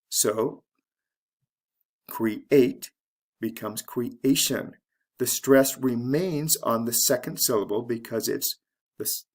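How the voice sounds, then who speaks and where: A man teaching English pronunciation, saying words slowly and deliberately and repeating them for practice. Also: mid-range voice, creaky. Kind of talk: pronunciation lesson.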